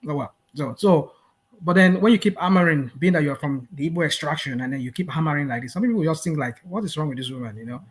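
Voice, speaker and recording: An older man arguing his point on a live panel. His voice sits a little high, and he builds slowly, restarting phrases and searching for words. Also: breathy edge. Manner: hesitant, many fillers and restarts, measured. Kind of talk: heated live panel debate.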